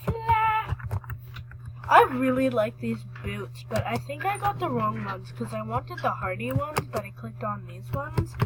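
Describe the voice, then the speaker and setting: A woman giving chatty, excitable commentary while playing a horse game, rambling and restarting her sentences. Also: fairly high pitch, poor audio. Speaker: gaming vlogger.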